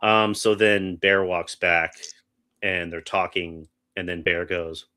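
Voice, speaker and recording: This podcast co-host reviews a movie in a slow, low voice with little pitch movement, sounding pushed and bright. He rambles casually, restarting frequently and acting out lines.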